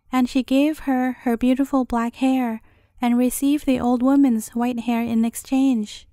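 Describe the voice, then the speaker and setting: A woman with a high, mellow voice reads a fairy tale as a bedtime story. Her narration is gentle and measured, and the recording is close and dry. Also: little pitch movement, no room sound.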